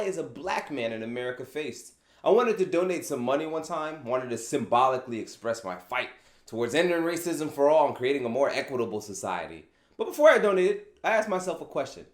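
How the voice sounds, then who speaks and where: A man hosting his own opinion commentary vlog, animated and sarcastic, asking rhetorical questions. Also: medium pitch. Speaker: channel host. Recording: echoey room.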